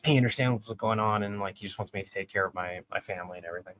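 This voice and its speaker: A man hosting a live stream, chatting casually in a relaxed, rambling way with many fillers. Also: on the low side, very fast, slight background noise.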